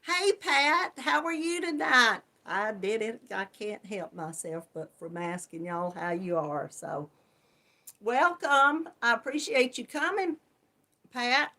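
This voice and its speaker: A woman's voice: on the high side, expressive, slow, sharp tone. A woman hosting a crafting channel, chatting casually on a live stream, laughing often and greeting viewers by name.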